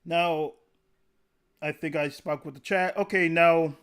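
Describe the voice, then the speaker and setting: Streamer guy w a kinda high voice, casual chat, swears a lot, laughs constantly, reads chat out loud. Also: steady tone, slow, clean tone. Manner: profane, laughs often, rambling game talk. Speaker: live streamer. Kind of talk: casual live-stream chat, reading chat comments.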